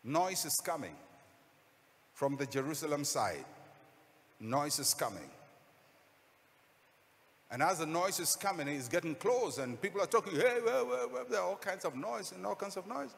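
A man's voice: on the high side, sing-song, normal speed, creaky, pauses often, a bit bright, big-room sound. A man preaching a sermon as a pastor, telling a story dramatically and acting out the voices.

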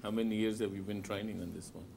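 A man appearing as a guest designer on a cooking show, bantering in a relaxed, joking way. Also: fairly low pitch, quick pace, creaky, slight background noise. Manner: joking, laid-back.

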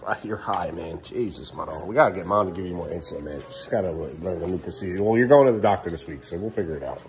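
A tired father chatting casually with his young kids in the kitchen of the family home, weary and exasperated, sometimes raising his voice and often trailing off low and mumbly. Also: fast, a little hiss or hum. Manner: raises his voice at a defiant child.

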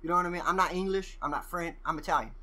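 A man guest telling casual stories, profane and animated, acting out what people said. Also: on the high side, rapid-fire. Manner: profane, animated storyteller who acts out quoted exchanges. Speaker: podcast guest. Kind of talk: casual storytelling.

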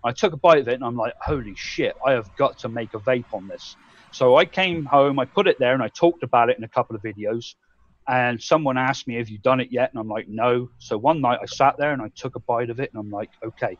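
A man's voice: medium pitch, fast talker, dry recording, highs cut off. An English man co-hosting a casual live-stream chat, rambling and swearing freely as he acts out his own thoughts. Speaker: co-host.

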